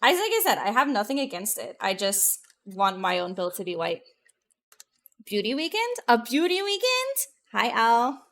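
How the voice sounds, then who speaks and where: A woman VTuber streamer chatting casually with her live viewers, excitable and profane, jumping between loud bursts and muttered asides. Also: mid-range voice, moderate pace, vocal fry, few pauses.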